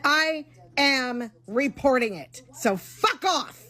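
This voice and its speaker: Furious woman ranting on her phone, high swoopy voice, swears a lot. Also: lively intonation, slow pace, pushed and bright. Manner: angry, swearing, hostile. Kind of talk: social media rant.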